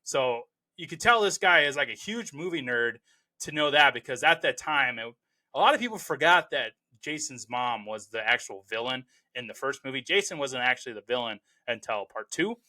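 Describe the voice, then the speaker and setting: A man's voice: medium pitch, lively intonation, normal speed, sharp tone. A man hosting a movie review show, talking casually and enthusiastically, rambling with lots of fillers and restarts. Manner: rambling and enthusiastic, heavy on "you know" and restarts. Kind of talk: casual spoken film review.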